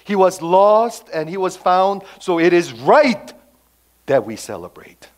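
A man's voice: medium pitch, unhurried, natural voice. A man voicing an eager, forgiving father urging a celebration in a sermon retelling. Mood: joyful. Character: joyful forgiving father welcoming back his son.

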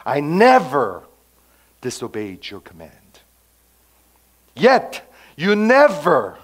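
A man voicing a resentful older brother complaining loudly to his father in a sermon retelling. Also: on the low side, little pitch movement, a little slow, pitched below the performer's own voice. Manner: loud, complaining, emphatic.

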